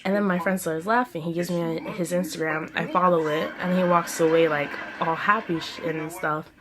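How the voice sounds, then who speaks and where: A young woman telling a story-time vlog in a chatty, animated way, full of "like"s. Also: lowish voice, moderate pace, a crowd in the background. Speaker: vlogger. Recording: music playing behind the voice. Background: music.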